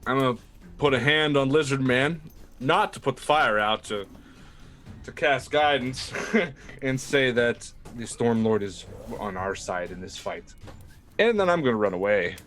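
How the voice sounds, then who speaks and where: A man's voice: mid-range voice, unhurried, a bit bright, faint music behind. A man playing a tabletop game, describing his character's actions in an easygoing, chuckling way. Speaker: player. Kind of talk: casual tabletop game play.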